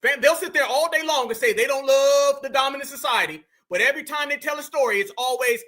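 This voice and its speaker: A man's voice: extremely high pitch, fast, few pauses, bright, forceful tone. A man hosting reaction commentary, talking animatedly, heckling and calling out to "y'all.". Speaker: commentary channel host.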